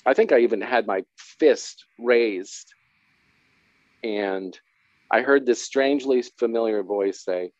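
A man's voice: medium pitch, slow, a little mellow, dry recording. A man telling his recovery story in a candid interview, rambling and self-deprecating with wry humor. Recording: dull, dry lo-fi sound.

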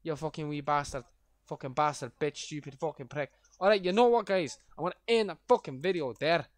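A young man streaming a game, swearing constantly and breaking into shouted rants. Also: fairly high pitch, a little fast, no echo. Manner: foul-mouthed, ranting, erupts into shouting. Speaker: gaming streamer. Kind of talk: casual gameplay commentary.

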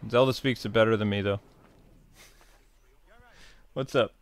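A man's voice: fairly low pitch, fairly even intonation, a little slow, no room sound. A man with a blended New York and Midwest accent, chatting casually over a game in a dry, close recording. He rambles, jokes and pokes fun at himself. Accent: New York and Midwest American. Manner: rambling, joking, self-deprecating. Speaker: let's play host. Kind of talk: casual gameplay commentary.

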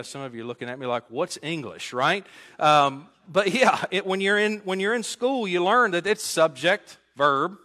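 A man's voice: fairly high pitch, sharp tone. A male pastor preaching an expository sermon in a conversational way, often putting questions to his congregation. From United States.

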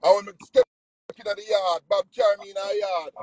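A Jamaican man, a nutritionist, telling spiritual stories in a casual, preachy, animated way. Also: a little fast, no room sound, faint music behind, rough recording. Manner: animated, preachy, swings pitch widely.

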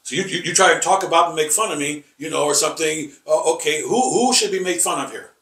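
A man teaching a rambling Bible lesson, halting and repeating words with many fillers, emphatic and combative. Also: on the high side, a bit bright. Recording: echoey room, voice from far off.

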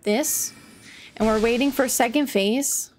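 Slow-talking woman streamer chatting. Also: fairly high pitch, faint music behind. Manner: chatty, laughs often, reacts loudly to the game. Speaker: game streamer. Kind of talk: casual live-stream chat while gaming.

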